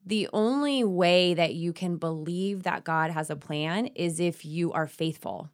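A woman on a faith podcast speaking candidly about her own struggles, with halting restarts. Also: lowish voice. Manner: candid, personal, quick and halting. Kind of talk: faith-based podcast conversation.

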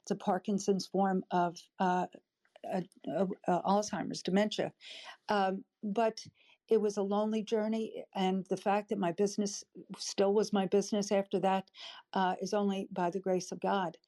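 An older woman in an audience, sharing tearfully and haltingly from the heart. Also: mid-range voice, level tone. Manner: emotional, halting, warm-hearted. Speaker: audience member speaking up. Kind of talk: emotional personal sharing.

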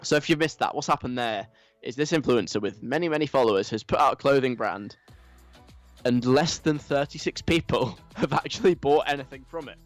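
A man hosting a comic radio show. He is chatty, wry and mocking, with a mid-range pitch. Faint music sits behind him. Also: lively intonation, brisk. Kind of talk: casual comic radio monologue.

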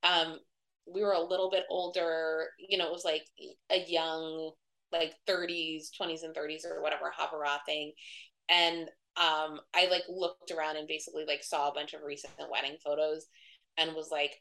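A woman in her thirties talks as a guest in a relaxed interview, her voice slightly low with a gravelly fry and a bright edge. She tells stories in a loose, chatty way, full of fillers, and acts out the voices of people she quotes. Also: moderate pace, low-quality recording. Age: 30s. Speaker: guest, wedding website publisher. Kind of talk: casual conversational interview.

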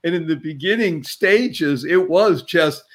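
A man's voice: a little high, lively intonation, unhurried. A man hosting an interview show, chatty and digressive, often laughing as he talks. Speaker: talk show host. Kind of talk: casual interview talk.

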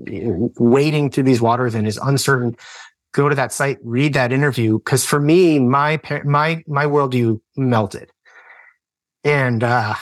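A man's voice: medium pitch, no room sound. Earnest rambling man, dry close sound. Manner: rambling, earnest, many fillers and restarts. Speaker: podcast guest. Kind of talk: personal storytelling in casual chat.

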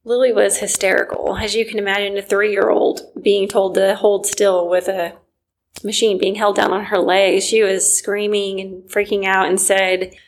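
Earnest woman in her thirties, emotional first-person storytelling, mid-pitched voice, slight noise. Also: level tone, normal speed, low-quality recording. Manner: earnest, emotional, quiet moments near a whisper. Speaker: mother telling her story. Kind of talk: personal testimony.

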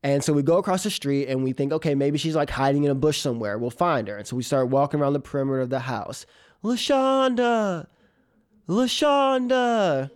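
A man, a comedian, telling a personal story on stage in an animated way, often laughing and imitating a cat's meows. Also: mid-range voice, quick pace, hardly any pauses. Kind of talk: live storytelling.

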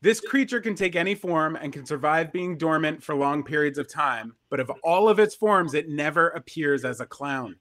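A man's voice: on the high side, expressive, normal speed, hardly any pauses, a bit bright. A man hosting an online show and reading out trivia questions in a dry, matter-of-fact way. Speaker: host and quizmaster.

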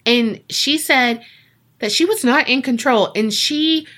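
A woman co-hosting a podcast, telling a ghost story in a relaxed, chatty way full of "like". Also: high-pitched, measured pace. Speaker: podcast co-host.

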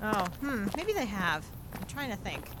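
A woman's voice: mid-range voice, very animated, normal speed, a bit bright, a little hiss or hum. A woman playing a teasing, easygoing mother. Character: playful mother of a grown daughter.

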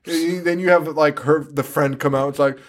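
A young man co-hosting a podcast in casual comedic chat, swearing often, laughing a lot and breaking into shrill mocking impressions. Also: fairly even intonation, a little fast. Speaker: podcast co-host.

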